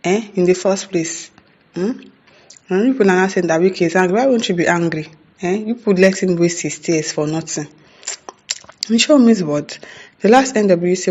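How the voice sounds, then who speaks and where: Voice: mid-range voice, darkish tone. Chatty Nigerian commentator, dull lo-fi sound. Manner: chatty, rhetorical, keeps tossing in "eh?" and "hmm?"; laughs between remarks. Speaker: news commentator. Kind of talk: casual news commentary.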